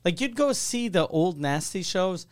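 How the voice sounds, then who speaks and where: A man who is a comedian, talking in animated, casual banter, swearing freely and mimicking people. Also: sits high, unhurried.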